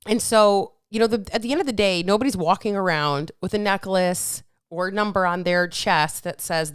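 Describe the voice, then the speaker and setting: Candid, smooth-voiced woman podcast host. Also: medium pitch, brisk, hardly any pauses, no room sound, clean studio sound. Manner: candid, swears freely, acts out inner voices. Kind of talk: casual podcast chat.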